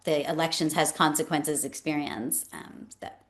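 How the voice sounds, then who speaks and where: A woman hosting a podcast interview, telling stories with lively acted-out quotes and frequent laughter. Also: sits low, normal speed. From New York State. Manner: animated storyteller, acts out quotes, laughs often. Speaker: podcast host. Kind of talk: casual conversational interview.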